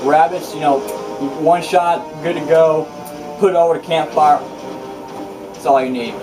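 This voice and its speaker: A man's voice: fairly high pitch, fairly even intonation, a little slow. A man rambling through a casual vlog monologue, boastful and profane, full of restarts. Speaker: channel host. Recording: distant mic with loud music behind.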